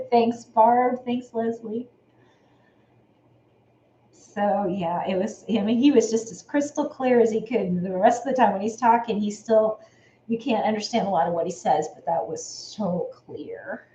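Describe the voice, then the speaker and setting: A woman's voice: medium pitch, measured pace, warm tone. A woman hosting a sewing channel live stream, talking casually and rambling, thanking viewers by name as she goes. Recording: echoey room with faint noise.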